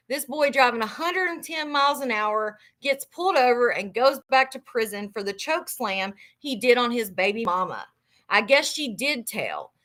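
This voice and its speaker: Woman live-stream book host, higher voice, bright and forceful, reads aloud and cusses freely. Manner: casual and profane, reacting loudly between passages.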